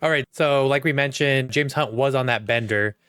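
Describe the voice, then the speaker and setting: A man's voice: mid-range voice, normal speed, fairly bright tone, clean tone, no room sound, studio quality. A man co-hosting a podcast, casually and enthusiastically discussing a film. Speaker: podcast co-host. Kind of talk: casual movie review chat.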